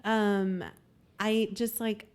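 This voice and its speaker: A woman's voice: mid-range voice, little pitch movement, extremely slow, a little mellow, smooth. A woman guest on a podcast, telling a story in a chatty way full of fillers. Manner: chatty, lots of likes and ums. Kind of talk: casual storytelling chat.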